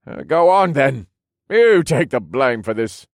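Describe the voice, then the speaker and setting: A man doing a high, fussy palace guard captain. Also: big pitch swings, a little slow, vocal fry, no echo, studio quality. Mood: grudging. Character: fussy male guard leader, blame-dodging.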